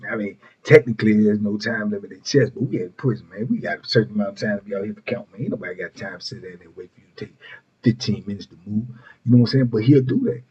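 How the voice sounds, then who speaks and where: Speaking in relaxed street slang, this middle-aged host drifts through casual prison stories full of rambling asides. He has a fairly low, mellow voice that's slightly rough. The audio is muffled and lo-fi.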